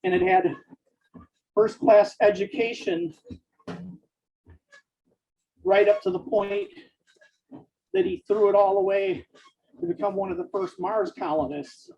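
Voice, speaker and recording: Author dictating his novel: high, lively voice with fry, slow and deliberate, calls out punctuation; muffled lo-fi recording. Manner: speaks punctuation marks aloud, slow and deliberate. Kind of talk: dictating fiction aloud.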